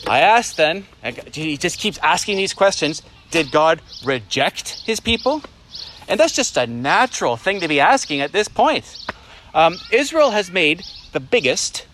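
Middle-aged male pastor, emphatic expository preaching, slightly raised pitch, faint noise behind. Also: fairly bright tone. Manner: emphatic, rhetorical questions, dramatizes God's voice. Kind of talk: expository sermon.

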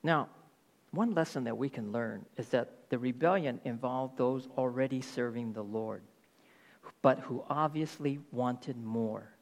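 A man's voice: medium pitch, a little slow. A man preaching a sermon, reading Bible verses aloud and paraphrasing them with emphasis.

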